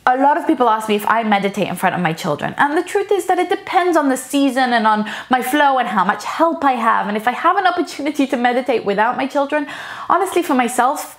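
A woman who teaches parenting, talking calmly and earnestly in a casual advice vlog, with an expressive lilt that stresses key words. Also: fairly high pitch. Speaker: parenting educator.

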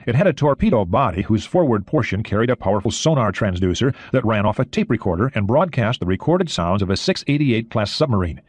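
A man reading an audiobook in a steady, expressive way. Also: fairly low pitch, fast, hardly any pauses, breathy edge, dry recording. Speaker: audiobook narrator. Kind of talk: audiobook narration.

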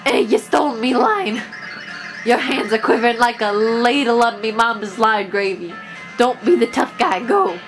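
A woman's voice: on the high side, lively intonation, moderate pace, soft background music, lightly acted. A woman reading as a brawny brute with a brogue. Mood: boastful.

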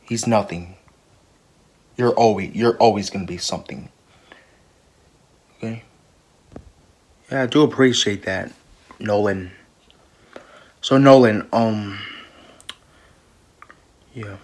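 A man voicing an improvised comedy skit, talking softly with mumbled, halting restarts. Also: on the low side. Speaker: creator voicing all characters.

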